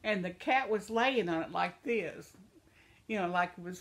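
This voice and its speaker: A woman's voice: on the high side, animated, a little slow. An older woman telling funny stories in a rambling, casual way, often breaking into laughter and circling back with asides. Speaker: vlogger. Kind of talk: casual storytelling.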